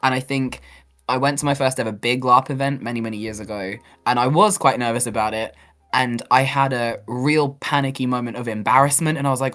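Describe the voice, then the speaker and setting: A woman's voice: rumbling low, steady tone, a little fast, fairly bright tone. A woman guest on a podcast, talking in a chatty, self-deprecating way and acting out quotes. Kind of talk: casual chat.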